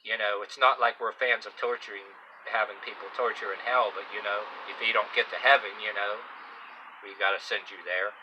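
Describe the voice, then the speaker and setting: A man voicing a group of reluctant angels from heaven, explaining themselves in a rambling, halting way. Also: fairly low pitch, steady tone, far from the mic, noisy background, natural voice.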